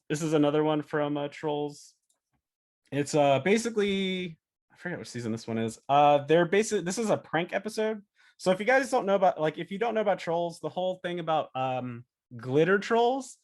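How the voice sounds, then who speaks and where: A man giving a casual talk as a storyboard artist, chatty and animated, acting out cartoon pitches. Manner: animated, chatty, many fillers and laughs.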